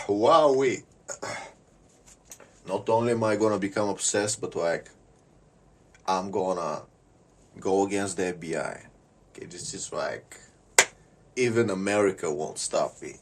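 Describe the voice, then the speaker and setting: A man giving a rambling comedic monologue. He repeats words and often clears his throat. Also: low-pitched, distant mic.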